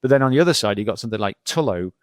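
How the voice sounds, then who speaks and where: A man's voice: fairly low pitch, animated, racing, no room sound. A middle-aged male geologist talking casually as a podcast guest, rambling through anecdotes with lots of repeats and "you know".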